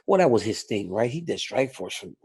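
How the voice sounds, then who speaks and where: A man's voice: fairly low pitch, sing-song, fairly quick, darkish tone. A man talking as a guest in an interview, emphatic and stressing points by repeating his questions. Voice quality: gravelly, husky. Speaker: guest fighter. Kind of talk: interview chat.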